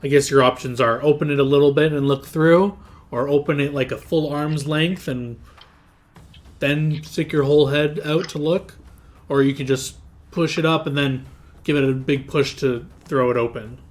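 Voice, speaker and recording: A man's voice: fairly high pitch, fairly even intonation, normal speed. A man running a tabletop game as game master, describing scenes in a rambling way with plenty of filler words.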